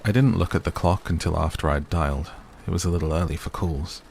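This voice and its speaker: A man narrating a bedtime sleep story in a slow, soft, even reading voice. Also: deep voice, creaky, slight background noise. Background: rain sounds.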